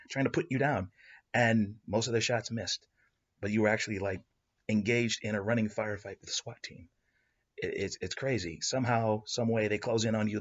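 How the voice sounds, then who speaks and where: A man hosting a podcast, improvising a story in an excitable, rambling way. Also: fairly low pitch, slightly rough. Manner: excitable, rambling, with restarts and laughs. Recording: dull lo-fi recording.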